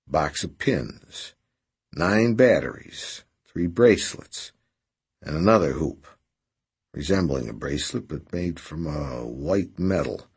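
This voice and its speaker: A man narrating a novel as an audiobook, steady and unhurried. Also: deep voice, breathy edge.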